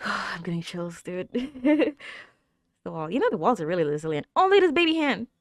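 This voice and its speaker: Female reaction host, chatty and animated, talks back at the screen; dry, close sound. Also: mid-range voice, moderate pace, no room sound. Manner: laughs often and coos at cute moments. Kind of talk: casual reaction commentary.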